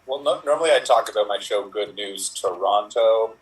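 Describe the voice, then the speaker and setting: A man's voice: fairly low pitch, normal speed, recorded from a distance, poor audio. A man improv performer who talks in a casual, jokey way. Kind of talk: improv game play.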